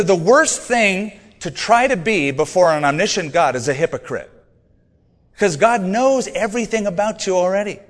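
Joking man preaching in a reverberant hall. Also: fairly high pitch. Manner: conversational, humorous, reads scripture aloud. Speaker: pastor. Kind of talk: sermon.

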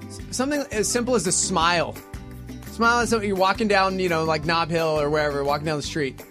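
A man co-hosting a casual radio chat, animated and excitable, laughing often. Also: a little high, fast, music in the background. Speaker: co-host.

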